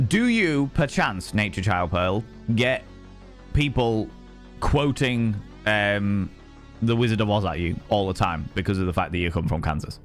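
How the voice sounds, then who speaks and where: Chatty, cussing streamer. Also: male voice, fairly low pitch, animated, moderate pace, faint music behind. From Yorkshire, England. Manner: chatty and swearing, greets viewers warmly by name. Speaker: livestream host. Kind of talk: casual live-stream chat.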